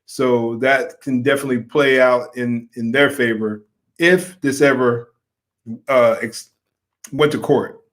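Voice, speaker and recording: A man's voice: mid-range voice, steady tone, unhurried, a bit bright. Earnest man giving video commentary. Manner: earnest, gets worked up and emphatic. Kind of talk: casual commentary.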